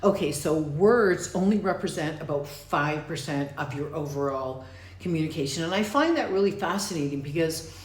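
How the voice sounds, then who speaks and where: A woman communication coach teaching to camera, emphatic, slowing down to stress key words. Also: lowish voice, reverberant.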